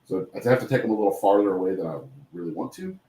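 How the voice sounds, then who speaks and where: A man in his forties with a very deep voice who talks quickly. He tells his stories in a relaxed way, and the room adds a clear echo. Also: crowd noise. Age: 40s. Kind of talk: casual chat. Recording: roomy echo.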